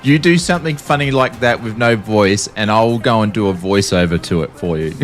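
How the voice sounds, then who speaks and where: Australian man, livestream chat, laughs often, lively swinging pitch, faint music behind. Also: moderate pace. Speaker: streamer.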